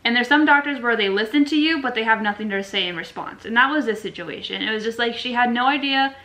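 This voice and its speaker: A young woman casually telling a story on her vlog with her partner, chatty and animated, acting out what people said. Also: a little high, quick pace, rough recording. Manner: animated, chatty, acts out quotes.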